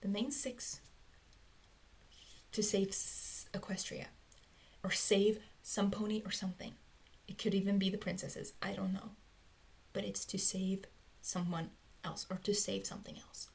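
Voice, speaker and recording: Brief: woman, mid pitch, rambling self-talk, slips into whispers. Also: flat delivery, a little slow, gravelly, darkish tone. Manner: rambling, often drops to a whisper. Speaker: fan theorist. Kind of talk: thinking aloud to herself. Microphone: close mic, recorded alone.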